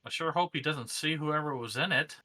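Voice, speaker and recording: A man's voice: fairly high pitch, fairly quick, sharp tone. A man co-hosting a podcast, chatting casually with sarcastic joking asides. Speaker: podcast co-host. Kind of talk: casual recap chat.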